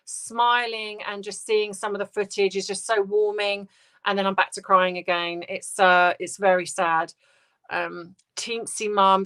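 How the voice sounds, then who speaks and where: A woman hosting a casual livestream, reading out viewer comments and answering in a soft, hesitant, sympathetic way with many restarts. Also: mid-range voice. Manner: sympathetic, tender replies to viewers.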